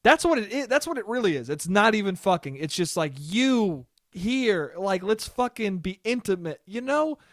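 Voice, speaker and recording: Young male podcast host, high-pitched, dry close sound, swears and rambles. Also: big pitch swings, moderate pace, hardly any pauses, dry recording. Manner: profane, rambling, laughs often. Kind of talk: casual solo monologue.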